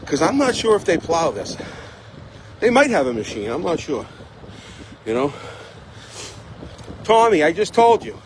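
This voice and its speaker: A man's voice: a little high, big pitch swings, a little slow, long pauses. Rambling man vlogging from his bike. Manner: rambling, chatty, fills with "you know". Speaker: vlog host. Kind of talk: live-streamed casual chat while biking. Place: outdoors on a bike path in wind. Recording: heavy wind noise on the mic. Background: wind.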